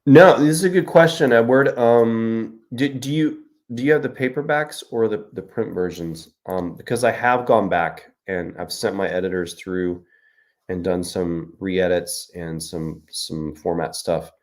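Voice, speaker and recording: A man's voice: lowish voice, a little slow. A middle-aged man hosting a casual live-stream chat, joking and answering viewer comments. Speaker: host.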